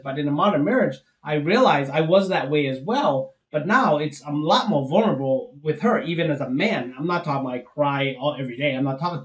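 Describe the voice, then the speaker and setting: A man's voice: a little high, reverberant, rough recording. A man co-hosting, encouraging and conversational as he gives marriage advice. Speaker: co-host. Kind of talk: advice talk for couples.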